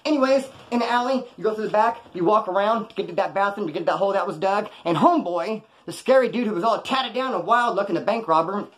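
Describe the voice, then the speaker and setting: A man's voice: high-pitched, a little hiss or hum. A middle-aged man from California, telling a casual, profane story about his past in and out of prison. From Bakersfield, California. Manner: rapid, profane, animated, acts out others' lines. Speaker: former prisoner telling stories.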